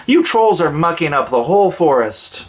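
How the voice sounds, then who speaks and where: A prim, fussy male fairy scolds in a tidy, proper way, as a man puts him on for a storybook reading. The voice sits a little higher than the reader's own. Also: big pitch swings, normal speed. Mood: scolding.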